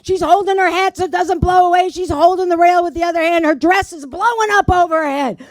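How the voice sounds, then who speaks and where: A woman's voice: very high-pitched, a little fast, dry recording, clean studio sound. A woman doing stand-up, telling old jokes in a brash manner and swearing at the audience. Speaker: stand-up comedian. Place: community arts center stage.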